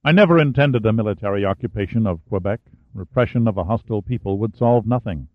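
Placid elder statesman read by a man, unhurried, dry close sound. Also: lowish voice, dry recording, natural voice. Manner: calm, measured. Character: grave elderly male French-Canadian prime minister. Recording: phone-like narrow band, dry.

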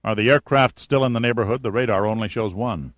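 For an audiobook, a man voices a cocky, unflappable boat captain who teases with cavalier confidence. His delivery is fast and lightly acted, in a lowish voice on a dry recording.

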